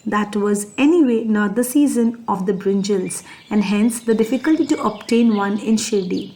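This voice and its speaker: A woman narrates a devotional story in a steady, mid-pitched voice. Her reading is earnest and reverent, paced like a prepared script. A faint hiss of noise sits under the voice. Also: moderate pace.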